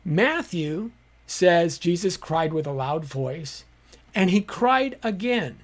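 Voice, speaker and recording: A man hosts a live-streamed teaching talk and explains his points patiently. He speaks conversationally and often pauses on small fillers. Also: high-pitched, lively intonation. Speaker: apologetics teacher hosting a live show.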